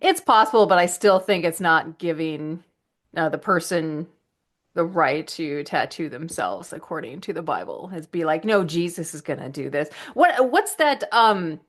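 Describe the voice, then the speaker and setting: A woman co-hosting a casual podcast who talks bluntly and cracks crude jokes. Her voice sits somewhat low. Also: lively intonation, unhurried, a bit bright. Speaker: podcast co-host.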